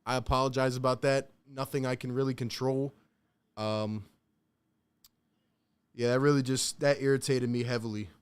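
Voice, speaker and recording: A man's voice: medium pitch, level tone, normal speed, long pauses, clear, resonant tone. A young man hosting a casual live stream, calling play-by-play and reacting, talking slangy and straight to his chat from a home setup.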